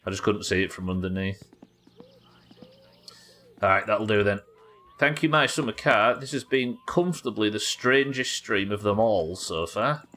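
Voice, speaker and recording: A man's voice: on the low side, expressive, moderate pace, pauses often, fairly bright tone. A man hosting a live gaming stream, chatting casually and swearing freely as he jokes with his chat. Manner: chatty and profane, joking with chat. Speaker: gaming livestream host.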